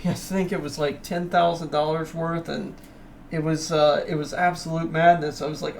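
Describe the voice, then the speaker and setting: A man's voice: on the high side, level tone, normal speed, gravelly, a little hiss or hum. A man hosting his own video, talking casually over price charts in a rambling, filler-heavy way and urging viewers to hold on. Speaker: crypto video host.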